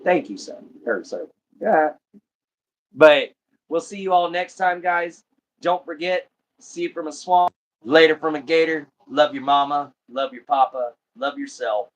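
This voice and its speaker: Chatty male livestream host, slightly high. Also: fairly even intonation, measured pace, rough recording. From America. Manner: laughs often, friendly sign-offs. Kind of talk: casual livestream chat.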